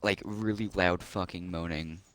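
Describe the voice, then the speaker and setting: A man's voice: sits low, steady tone, moderate pace, very noisy. A man co-hosting a podcast, chatting casually and telling rambling stories, swearing freely. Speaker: podcast co-host. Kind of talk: casual chat.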